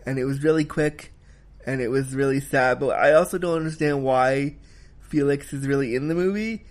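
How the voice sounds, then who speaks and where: A man's voice: mid-range voice, normal speed. A man giving a casual spoken film review, emphatic and heated, swearing freely as he rants.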